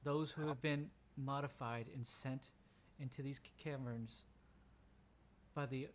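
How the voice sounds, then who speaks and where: A man narrating a tabletop game as game master, stopping and restarting his sentences. His voice is mid-pitched and flat in contour. A faint hiss runs behind him. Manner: halting, restarts often.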